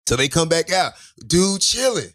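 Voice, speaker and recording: A man telling a wild story in casual chat, acting out the people in it with shouted quotes and laughs. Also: on the high side, big pitch swings, moderate pace. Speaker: podcast co-host telling a story. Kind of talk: animated storytelling with acted-out quotes.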